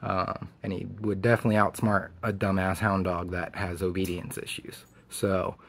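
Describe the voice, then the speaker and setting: A man's voice: low voice, little pitch movement, normal speed, vocal fry, fairly bright tone. A man vlogging, telling a story in a casual, blunt way and swearing freely.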